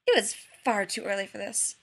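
A woman's voice: mid-range voice, normal speed, fairly bright tone, husky. A woman narrating a story expressively in an audiobook reading.

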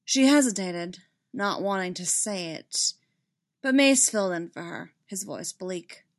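A woman narrating a work of fiction in an even, measured reading voice. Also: mid-range voice.

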